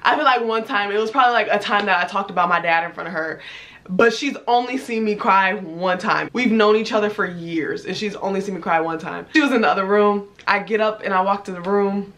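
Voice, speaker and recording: A woman in her twenties telling a casual storytime to camera at home, animated and expressive, swearing freely. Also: mid-range voice, fairly quick. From United States. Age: 20s. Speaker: vlogger. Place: indoors at home, talking to a camera.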